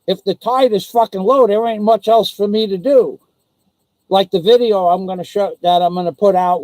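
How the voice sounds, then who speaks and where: A man's voice: high-pitched, brisk, a little mellow, no room sound, low-quality recording. A man ranting angrily and profanely on his own live stream, taunting and threatening someone. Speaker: vlogger. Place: living in the Philippines.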